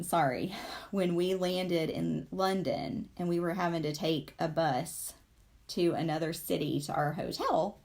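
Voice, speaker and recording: A woman's voice: fairly low pitch, a little mellow. A woman, in her forties, hosting a casual live stream while she paints, rambling with many fillers and asides to her viewers.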